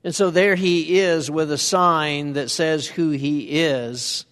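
Male pastor, slightly higher-pitched voice, chatty sermon delivery, long church reverb. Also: fairly even intonation, slow pace, few pauses, a bit bright, smooth. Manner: conversational, asks the congregation questions. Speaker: preacher. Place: church sanctuary.

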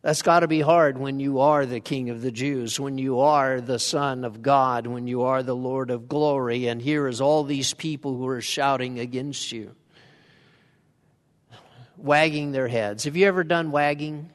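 A man's voice: medium pitch, steady tone, unhurried. Conversational male preacher in a reverberant church. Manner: conversational, asks the congregation questions. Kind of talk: sermon. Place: church sanctuary.

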